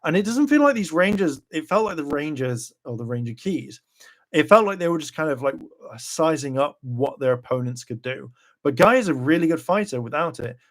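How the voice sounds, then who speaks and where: A man hosting a casual live reaction video, rambling with lots of fillers and acting out characters' lines in quick bursts. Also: fairly high pitch, lively intonation. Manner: rambling, heavy with "kind of" and "like" fillers.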